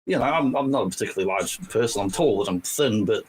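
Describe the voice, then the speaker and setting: A man's voice: fairly low pitch, animated, quick pace, rough recording. A middle-aged man with an Australian accent, chatting as a guest on a video call. He is blunt and swears freely, laughing at his own lines. A faint noise hum sits behind him. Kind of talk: casual chat.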